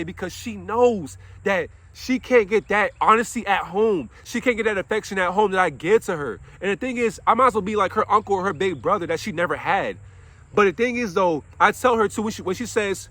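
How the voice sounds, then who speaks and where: A man's voice: high voice, expressive, fairly quick, fairly bright tone, no room sound. A young man, an after-school counselor, delivering an impassioned monologue, preaching and swearing, asking himself questions and answering them. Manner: swears while venting.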